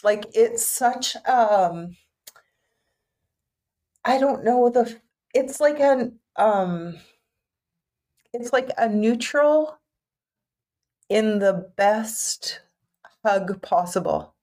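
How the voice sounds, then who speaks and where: A woman's voice: fairly high pitch, lively intonation, extremely slow, long pauses, darkish tone. A woman co-hosting a podcast in casual chat, searching for her words and affirming what her co-host says.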